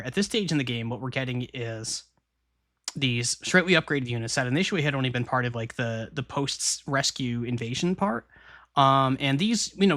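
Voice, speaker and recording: Brief: male streamer, average pitch, loose chatty game commentary, thinks out loud. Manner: chatty, musing aloud, quick laughs. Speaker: live streamer. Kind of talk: casual gameplay commentary to chat.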